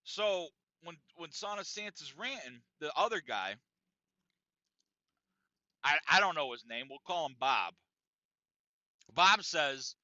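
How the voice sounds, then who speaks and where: A podcast host tells a story casually and animatedly, swearing a lot and laughing often. His voice is on the high side and slow, with long pauses, on a dull, lo-fi, dry recording.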